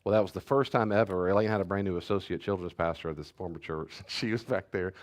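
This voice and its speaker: A man pastor giving a teaching talk and answering questions, telling family stories in an animated way. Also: low voice, quick pace. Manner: animated storyteller, acts out family scenes.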